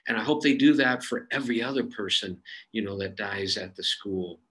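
An earnest man answering audience questions on a video call. His voice sits fairly low, and he talks plainly, with many fillers and restarts as he thinks aloud. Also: fairly quick, a bit bright, poor audio. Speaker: suicide prevention expert answering audience questions. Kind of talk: webinar Q&A, conversational.

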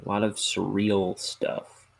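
A man's voice: fairly low pitch, completely flat delivery, slow, gravelly, low-quality recording. A man chatting casually while he inks a drawing. He rambles and hesitates, and mocks himself with a chuckle. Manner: rambling and hesitant, with many fillers and restarts; self-mocking, chuckling to himself. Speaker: comic artist inking live.

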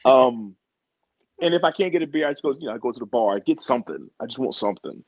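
A man with a medium-pitched, animated voice talks at a quick pace as a wrestler guest in a casual interview chat. He's laid-back and slangy and laughs often; the audio is dull but has no echo.

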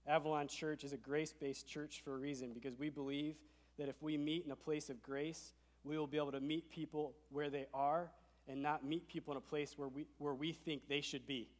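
Male pastor, slightly high voice, emphatic, shifts from soft to loud; sermon in a church hall with long reverb. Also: little pitch movement, fairly quick. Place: church sanctuary.

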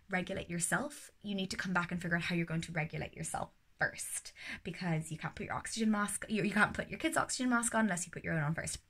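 Low-voiced woman giving gentle parenting advice. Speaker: parenting educator. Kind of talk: casual advice to camera.

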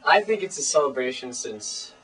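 A teenage boy co-hosting a comedy web show, talking with deadpan, matter-of-fact macho bluster. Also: medium pitch, normal speed. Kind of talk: mock-serious comedy sketch. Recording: distant camera mic with mains hum.

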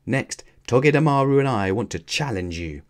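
A man reading aloud, voicing a calm, confident, soft-spoken schoolboy. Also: mid-range voice, moderate pace, voice pushed up, lightly acted.

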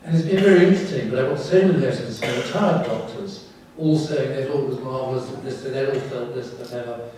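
A man's voice: mid-range voice, fast, warm tone, slight background noise. An older English neurosurgeon in his sixties giving a candid, wry public talk in a lecture hall. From England. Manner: wry, candid, self-deprecating asides. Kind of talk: public talk with audience questions. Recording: echoey hall from far off.

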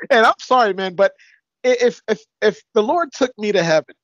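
Guy cohosting, high voice, chuckles in disbelief, dry muffled audio. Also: expressive, a little slow, a bit bright, no echo. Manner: incredulous, chuckling. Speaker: co-host. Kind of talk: casual commentary.

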